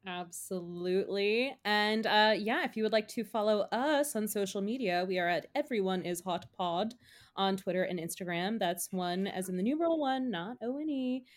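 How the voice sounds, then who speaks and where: A woman co-hosting a comedy podcast, wrapping up the episode in a brisk, upbeat way. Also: mid-range voice, lively intonation. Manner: upbeat, brisk sign-off delivery. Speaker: podcast co-host. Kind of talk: casual comedic chat.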